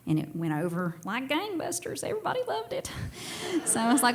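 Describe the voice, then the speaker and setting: A woman's voice: high-pitched, huge pitch swings, moderate pace, creaky. Southern woman telling a story on stage. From Tennessee and Georgia. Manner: chatty and self-deprecating, laughing often. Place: stage before a live audience.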